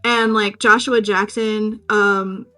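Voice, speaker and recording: Bright-voiced young woman rambling casually. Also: mid-range voice, flat delivery, takes it slowly, faint music behind. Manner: rambling, filler-heavy, jokey recap. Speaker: podcast co-host. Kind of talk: casual chat.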